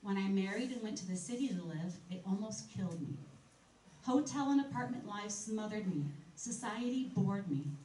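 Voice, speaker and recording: A woman presents a museum history program, chatting easily between passages she reads aloud from old articles. Her voice has an ordinary middle pitch. She sounds distant from the microphone in a reverberant room, with a faint hiss underneath. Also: lively intonation, normal speed, warm tone. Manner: conversational, reading quotes aloud from old articles. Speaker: museum director giving a history talk. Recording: echoey room, speaker far from mic, faint noise.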